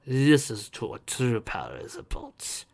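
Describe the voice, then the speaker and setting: A man voicing a cruel, menacing villain in a slow, quiet drawl. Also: mid-range voice, huge pitch swings, creaky, full character voice. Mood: gloating. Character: cruel male villain, cold, menacing, foreign-sounding.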